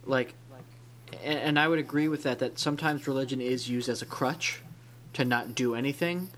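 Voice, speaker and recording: A man of ordinary middle pitch co-hosts a casual podcast discussion. He thinks aloud in a rambling way and often restarts his sentences. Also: moderate pace, fairly bright tone. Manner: thoughtful, rambling, many restarts. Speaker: podcast co-host.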